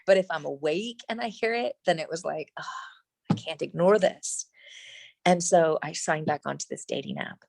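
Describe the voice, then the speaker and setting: A middle-aged woman, a guest in an interview, telling a personal story in an animated, emphatic way with frequent restarts. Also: low voice, a little fast, creaky, few pauses, no room sound, low-quality recording.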